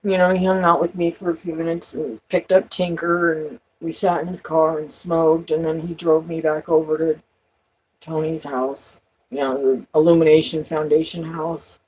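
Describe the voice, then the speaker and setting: A woman with a husky, breathy voice talks to the camera in a rambling, profane way. She starts lines over and over, jumps between loud outbursts and quiet asides, and lets her sentences trail off. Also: low-pitched, little pitch movement, moderate pace, poor audio. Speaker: vlogger. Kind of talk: rambling personal talk to camera.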